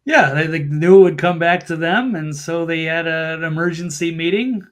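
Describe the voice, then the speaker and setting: A man appearing as a guest journalist on a political talk show, answering in an agreeable, measured way. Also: a little high.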